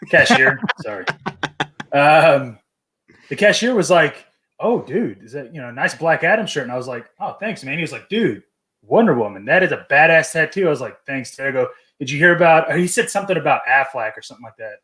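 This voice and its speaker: A man's voice: a little high, lively intonation, a little fast, pushed and bright. A man joining a casual stream chat as a guest, laid-back, cursing and laughing as he tells stories. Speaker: guest co-host.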